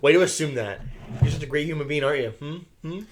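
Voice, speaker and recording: A man's voice: on the high side, quick pace, a little hiss or hum. A young man co-hosting a casual podcast, teasing his friend with sarcastic banter. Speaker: podcast co-host. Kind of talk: casual chat.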